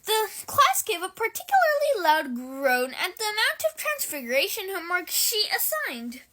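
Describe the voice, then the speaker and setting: Lady reading a novel aloud, really high voice, lively melody. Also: moderate pace. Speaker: reader.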